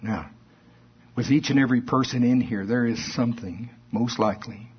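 A man preaching a folksy, animated sermon that rises to shouts at its peaks. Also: medium pitch, moderate pace, slight background noise. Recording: dull lo-fi recording.

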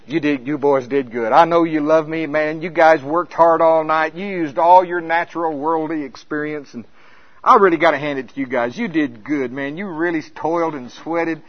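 A male preacher voicing an imagined Jesus who warmly praises his hard-working followers. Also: fairly high pitch, steady tone, normal speed, dull audio, close to an everyday voice. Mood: praising. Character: gentle imagined Jesus praising tired men.

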